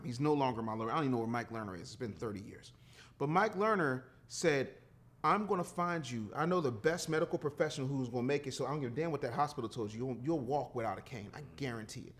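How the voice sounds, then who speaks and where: A man's voice: mid-range voice, lively intonation, quick pace, a bit bright. A man in his fifties, a guest on a podcast, talking casually in an emphatic, preachy way, swearing freely and acting out quotes.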